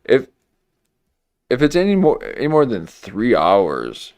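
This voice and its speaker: A man commenting on a livestream, musing slowly and hesitantly with many fillers and restarts. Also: medium pitch, wildly swooping pitch, gravelly, darkish tone, dry recording.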